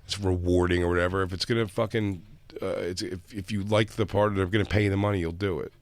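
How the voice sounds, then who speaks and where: A young man with a lowish voice trading crude jokes on a podcast. He talks loosely and profanely. The sound is dry and close. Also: steady tone, fast, no echo. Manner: crude, joking, breaks into silly voices. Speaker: podcast co-host. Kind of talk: casual comedic chat.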